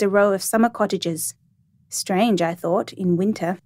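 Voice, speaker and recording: A woman narrating a first-person story in a calm, even, reflective reading voice. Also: medium pitch, measured pace, no echo.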